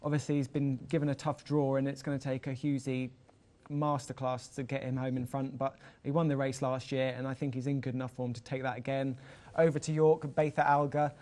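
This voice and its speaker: A man giving horse racing selections in a measured, matter-of-fact way. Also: mid-range voice, little pitch movement, mellow. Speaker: racing tipster. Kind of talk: casual tipping chat.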